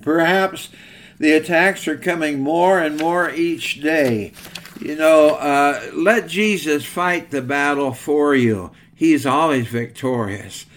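A man's voice: fairly high pitch, takes it slowly, a bit bright. An older man preaching a sermon in a folksy, earnest storytelling manner.

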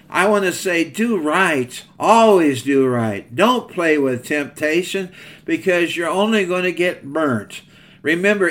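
A man's voice: high voice, a bit bright. An older man preaching a sermon in a folksy, earnest storytelling manner.

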